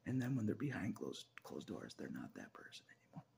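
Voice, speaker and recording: Male vlogger: very low, gravelly voice, wildly swinging pitch, frequent laughs and whispered asides. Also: big pitch swings, a little fast, darkish tone, slight background noise. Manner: laughs often between phrases, swears, drops into whispers. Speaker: video blogger. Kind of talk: casual confessional monologue.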